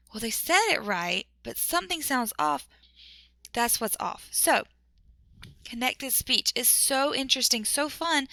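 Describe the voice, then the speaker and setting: Gravelly-voiced woman teaching English. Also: medium pitch, sharp tone, no echo. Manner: chatty, self-interrupting, demonstrates words slowly. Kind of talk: casual teaching vlog.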